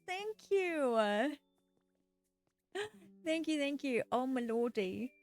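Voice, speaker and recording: A woman game streamer chatting casually and excitedly with her live viewers while she plays, giggling often. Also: sits high, very slow, faint music behind.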